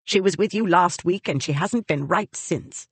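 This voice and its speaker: A woman's voice: fairly low pitch, normal speed, husky, no room sound. A narrator voicing a haughty, scornful elderly aristocratic woman, the heroine's great-aunt, in a storybook reading. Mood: accusing.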